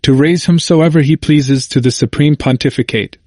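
A man voicing a young emperor who speaks with smooth flattery. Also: fairly high pitch, moderate pace, dry recording, studio quality, close to an everyday voice. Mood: persuasive. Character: young, persuasive male emperor.

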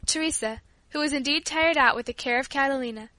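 A woman reading a storybook aloud in a clear, even storytelling manner. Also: high voice, fast talker, dry recording. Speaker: audiobook reader. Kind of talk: scripted narration.

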